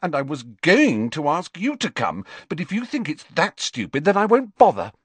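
A man's voice: medium pitch, very animated, moderate pace, a bit bright, no echo, voice pushed up. Man voicing a bossy, earnest teenage schoolgirl. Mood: hurt and angry.

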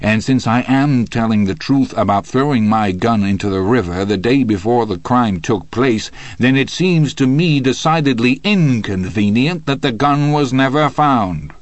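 A man voicing a calm, reserved male defendant who answers in a quiet, measured way. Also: medium pitch, dry recording, natural voice.

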